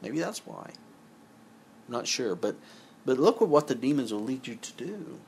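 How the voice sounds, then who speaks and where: A man's voice: medium pitch, very animated, normal speed, creaky, a little mellow, slight background noise. A man giving a sermon, reading scripture passages aloud and then explaining them in a conversational way with asides to his listeners. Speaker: preacher.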